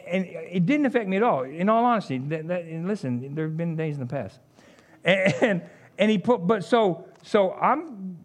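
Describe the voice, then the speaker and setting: A middle-aged man preaching a sermon in a high voice that leaps all over the place. He tells stories and cracks jokes as he goes, his tone rising and falling sharply. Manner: animated storytelling with jokes and asides. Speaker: pastor.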